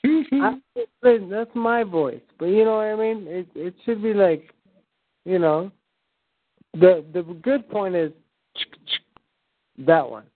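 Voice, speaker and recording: A man's voice: sits high, lively intonation, slow, pauses often, no room sound. A man hosting a prank call show, chatting casually over a voice call and rambling through stammered restarts. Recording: tinny phone-like call audio, dry.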